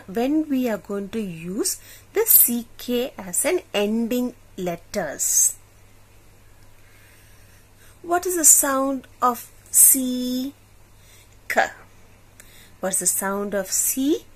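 A slow, patient woman leads a phonics lesson for children, drawing out each sound and having the listener repeat it. Her voice is a little husky, and her pitch rises and falls in lively teaching swings.

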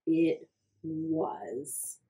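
Slow-reading woman at children's storytime. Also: sits low, low-quality recording. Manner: slow, deliberate reading with hushed questions to young listeners. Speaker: library storytime reader. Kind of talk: reading a picture book aloud to children.

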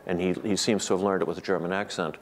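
Man, middle-aged, slightly low voice, academic seminar lecture, thoughtful, repeats and restarts. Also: fairly even intonation, quick pace, a little hiss or hum. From United States. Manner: thoughtful, digressive, with frequent restarts and repetitions. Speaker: philosophy professor giving a seminar lecture.

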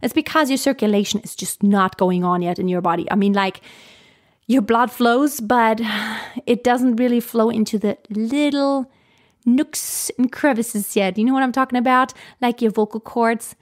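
Chatty woman vocal coach, fairly high voice. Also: moderate pace. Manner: chatty, laughs often, restarts sentences. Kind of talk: casual teaching monologue.

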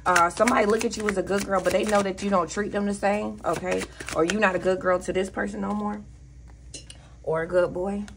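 A woman's voice: medium pitch, steady tone, a little fast, noisy background. A woman with a Southern US accent giving a casual tarot reading, blunt and profane, with preachy asides. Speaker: tarot reader.

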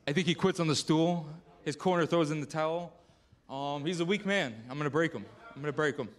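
A man's voice: on the high side, fairly quick. A man trading mocking, profane insults with a rival at a fight press conference. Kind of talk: trash talk.

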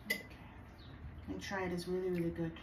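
A woman's voice: on the low side, monotone, brisk. A mother hosting a family vlog, chatting casually at the breakfast table and coaxing the kids to eat. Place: home kitchen at breakfast table. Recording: roomy, distant, loud background noise.

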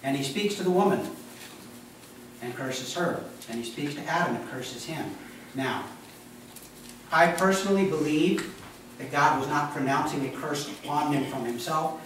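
Joking, conversational male pastor with a slightly high voice, preaching in a church, heard far from the mic in a very reverberant room. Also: normal speed, pauses often, fairly bright tone, a little hiss or hum. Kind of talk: sermon. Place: church sanctuary. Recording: echoey church hall from a distance.

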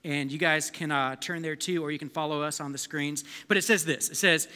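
A man preaching a live sermon as a youth pastor, energetic and conversational, calling on the crowd to answer back. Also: fairly high pitch, fairly quick. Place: church service hall. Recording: long reverb of a large hall.

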